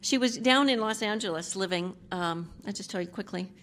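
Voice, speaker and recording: A woman's voice: medium pitch, moderate pace, a bit bright, slight background noise. Candid middle-aged woman sharing her story. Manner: candid and rambling, with frequent asides; self-deprecating humor. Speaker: speaker at a recovery group meeting. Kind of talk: personal testimony.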